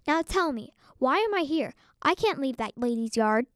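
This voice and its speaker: A small talking rabbit who is a worried family father, as a woman storyteller puts him on, pleading in a high, lifted voice. His lines are clear and close. The voice is dry, with no room sound. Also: expressive, moderate pace, no echo.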